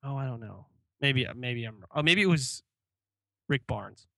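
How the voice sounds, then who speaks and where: Bright-voiced man co-hosting a sports podcast. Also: medium pitch, expressive, unhurried, gravelly, no echo. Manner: easygoing, talks through awards. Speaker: podcast co-host. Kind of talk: casual sports chat.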